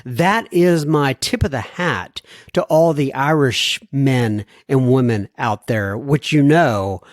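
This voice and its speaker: A man's voice: mid-range voice, slow pace, dry recording, clean studio sound. An American man hosting a podcast, chatting casually between listener emails and laughing at his own jokes. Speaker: podcast host.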